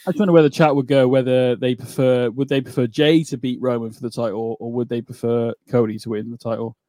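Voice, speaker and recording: A man hosting a wrestling podcast in relaxed casual chat, easygoing and quick to laugh along. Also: medium pitch, dry recording. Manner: easygoing, laughs often, says "mate". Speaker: podcast host.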